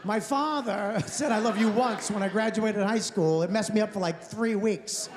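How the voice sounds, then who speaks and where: A man in his thirties doing a stand-up set in a comedy club, ranting sarcastically and mocking people with quick impressions. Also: high-pitched, steady tone. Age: 30s. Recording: live hall reverb, faint noise.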